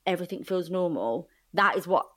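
A woman, a podcast guest speaking from her flat, chatty and candid, with many "like" fillers. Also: fairly low pitch, fairly quick. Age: 30s. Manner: chatty and candid, heavy use of "like". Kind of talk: casual conversational interview.

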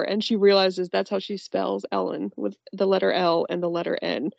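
A woman's voice: mid-range voice, fairly even intonation, moderate pace, vocal fry, no echo, highs cut off. A woman podcast co-host chatting casually about a movie, giggling and quoting its lines in character voices.

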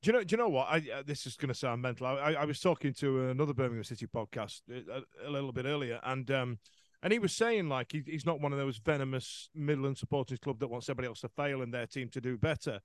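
A man's voice: mid-range voice, fast, no echo. A man hosting a football podcast in casual chat, rambling with many restarts. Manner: rambling, lots of restarts and fillers.

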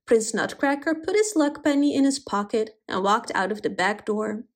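A woman reading a fairy tale aloud in an expressive, animated way. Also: fairly high pitch, moderate pace. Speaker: storyteller. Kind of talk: storybook reading.

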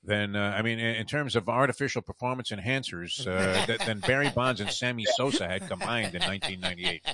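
A man's voice: lowish voice, fairly quick, over a noisy crowd. A man hosting a sports talk show, telling rambling, wry anecdotes with lots of fillers. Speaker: show host.

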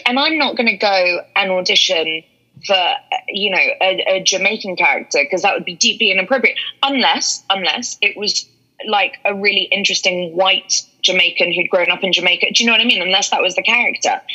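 A woman's voice: medium pitch, fairly quick, sharp tone. A woman from London, an actress and mentor, talking candidly and with emphasis in an interview, laughing often. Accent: London English. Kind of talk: casual interview talk. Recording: dull lo-fi audio.

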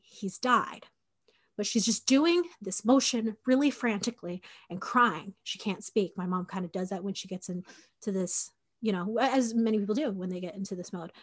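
A woman's voice: a little high, a bit bright. Young woman telling a story, chatty and casual. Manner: conversational, frequent "like" and fillers, acts out quoted dialogue. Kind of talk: personal storytelling podcast.

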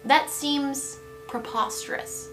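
A woman giving a devotional Bible teaching in a reflective, gently expressive way. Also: high-pitched, slow. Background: soft guitar music.

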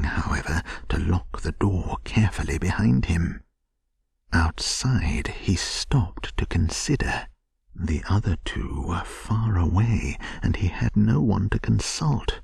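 A man narrating a bedtime story in a soft, soothing manner, often half-whispered. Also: sits low, creaky, husky, no room sound.

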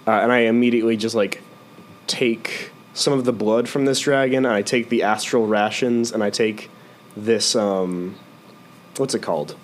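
A man's voice: on the low side, steady tone, normal speed, slight background noise. A man playing a tabletop role-playing game, talking through his character's actions in a rambling way. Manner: rambling, full of uh and like. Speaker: player.

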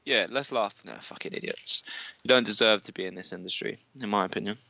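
A young man co-hosts a casual podcast chat, blunt and full of swearing. His voice is bright and forceful. The sound is dry and a little dull. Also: lowish voice, fast talker, creaky, no echo. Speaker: podcast co-host.

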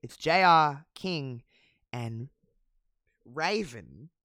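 Recapping a wrestling show as a podcast co-host, this man talks extremely slowly in an expressive, higher-than-average voice with a sharp tone. His casual chat is profane and full of fillers, and he laughs at his own jokes. It's studio quality, with no room sound.

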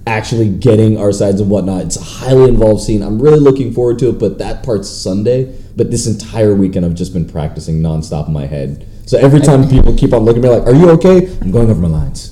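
A man co-hosting a casual podcast, telling a story with lively quoted voices. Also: fast, hardly any pauses, slight background noise. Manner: animated storytelling, acts out quotes in high voices. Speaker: podcast co-host. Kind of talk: casual chat.

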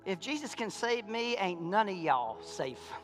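A man pastor preaching a sermon in a church, folksy, calling out to his congregation, swinging from loud fervor to quiet intensity. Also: high voice, sing-song, unhurried, faint music behind. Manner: impassioned, rising to shouts and dropping to quiet. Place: church sanctuary.

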